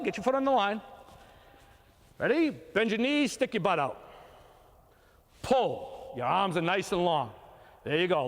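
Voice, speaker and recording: Older coach, lively high voice, echoing hall. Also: male voice. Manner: encouraging, giving short repeated commands. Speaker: youth baseball coach. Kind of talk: coaching a throwing drill. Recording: long reverb from a hall.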